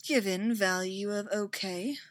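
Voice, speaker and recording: A woman's voice: medium pitch, unhurried, dry recording, natural voice. A woman voicing a wounded, sardonic male mentor with a wry, dry delivery in an audiobook reading.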